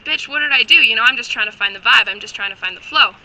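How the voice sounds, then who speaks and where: Woman as a gloomy little desert frog, whiny, exasperated, bright and a bit high. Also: fast, rough recording. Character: lonely, depressed little male frog.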